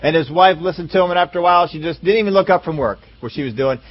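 A man preaching a sermon in an animated way, acting out voices in his stories, on a dull lo-fi recording. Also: fairly high pitch, racing. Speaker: pastor.

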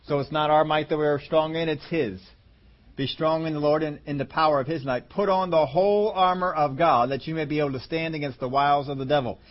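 A man preaching a conversational Bible-teaching sermon, slowing down and stretching key words for emphasis. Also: a little high, muffled recording. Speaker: pastor.

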